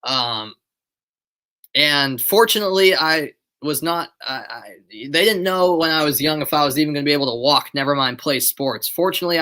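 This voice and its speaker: A man's voice: fairly high pitch, pushed and bright. A man doing live play-by-play commentary on a stream, chatting casually with viewers between plays.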